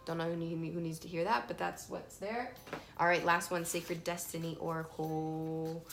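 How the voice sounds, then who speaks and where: A woman giving a casual, emphatic tarot reading, swinging between soft and loud. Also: fairly low pitch, steady tone, moderate pace, vocal fry. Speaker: tarot reader. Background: faint playlist music.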